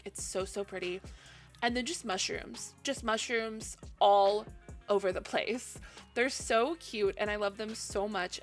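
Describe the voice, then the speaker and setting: A woman's voice: mid-range voice, a bit bright. A woman casually narrating a game build in a chatty, self-deprecating voice-over, sleepy and yawning, laughing often.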